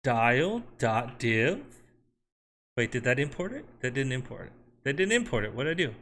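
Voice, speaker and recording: A software developer streaming his coding work, talking to his chat and to himself as he works. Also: mid-range voice, very animated, moderate pace. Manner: talks to chat and himself while working. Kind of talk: live coding stream, thinking aloud.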